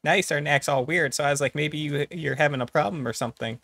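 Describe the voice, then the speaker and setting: Dude voicing a chill childlike warlock girl, breezy and offhand, a bit high, dry room. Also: fast talker, vocal fry, sharp tone, slightly rough, no room sound, full character voice. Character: childlike female warlock adventurer.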